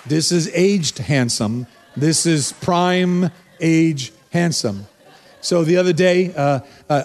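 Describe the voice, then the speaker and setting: An older man delivers a sermon in a fairly high, easygoing voice. He preaches like he is talking with friends, turning to people in the pews and telling family stories. The sound has a long reverb from a church sanctuary. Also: a little mellow. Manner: conversational, storytelling preacher who addresses the congregation directly. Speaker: pastor. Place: church sanctuary before a congregation.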